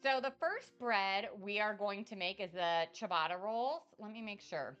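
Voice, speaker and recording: A woman cooking on a live stream, chatting in an excitable, bubbly way with a slight lisp. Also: medium pitch, normal speed, highs cut off, faint music behind. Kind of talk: casual live-stream chat.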